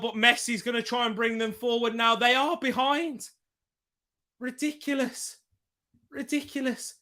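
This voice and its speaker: Excitable man doing live football commentary. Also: very high voice. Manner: excitable, reacts loudly and reads out viewer comments. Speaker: football watchalong host. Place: room at home.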